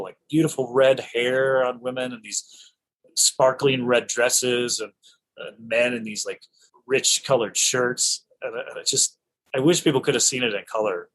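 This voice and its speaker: A middle-aged man from Idaho, an actor telling stories in an interview, enthusiastic and animated with frequent restarts. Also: mid-range voice, rough recording. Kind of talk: casual storytelling in an interview.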